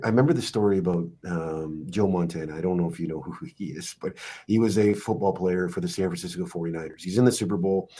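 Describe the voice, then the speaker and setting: A middle-aged man hosting a sports podcast, telling stories in a rambling, halting way with many fillers. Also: low-pitched, mellow. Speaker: podcast host and wrestling coach. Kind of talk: podcast interview.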